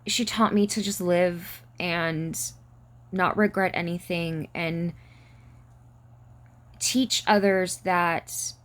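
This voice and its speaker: Halting, tearful woman vlogger. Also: on the low side, fairly even intonation, fairly bright tone. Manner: halting, emotional, many fillers and restarts. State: near tears. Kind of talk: casual to-camera vlog.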